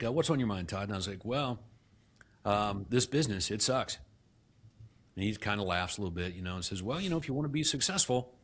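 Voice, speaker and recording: Middle-aged guy, kinda low voice, telling a story on an interview, acts out the dialogue, lots of restarts. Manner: animated storyteller who acts out past dialogue, with frequent restarts. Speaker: guest, real estate company CEO.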